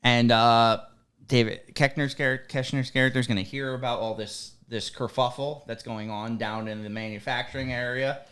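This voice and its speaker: A man on a casual podcast recaps a movie with lively, profane energy. He breaks into quick impressions of the characters as he goes, and his voice sits at an everyday middle pitch. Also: clear, resonant tone. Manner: animated, swearing, acts out characters' lines. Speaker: podcast co-host.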